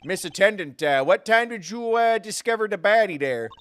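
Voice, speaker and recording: A man's voice: high voice, expressive, normal speed, a bit bright, clear, resonant tone, pitched above the performer's own voice. A man voicing a snooty Canadian-accented man, exaggerated and tagging lines with "eh", while reading game dialogue aloud. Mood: gossipy. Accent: put-on Canadian. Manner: exaggerated "eh"-tagged delivery.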